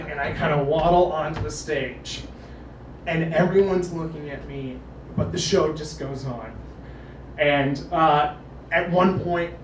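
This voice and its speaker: Animated young man telling a story. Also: on the high side. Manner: animated, laughing, many restarts and repeated words. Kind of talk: personal storytelling to a live audience. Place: live event venue. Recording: echoey, distant from mic, faint noise.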